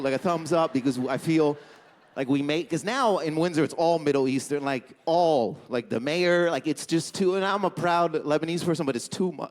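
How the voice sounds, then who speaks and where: A man's voice: on the high side, darkish tone. A young Canadian man doing a stand-up comedy set, rambling and self-deprecating with lots of "like.". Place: comedy club stage with audience. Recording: live comedy hall reverb.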